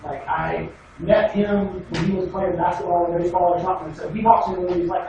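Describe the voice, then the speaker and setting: A man's voice: high-pitched, steady tone, fairly quick, gravelly, muffled recording. A man giving a casual classroom lecture on debate, wry and sarcastic, sometimes mocking students in put-on voices. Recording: echoey room from far off, noisy.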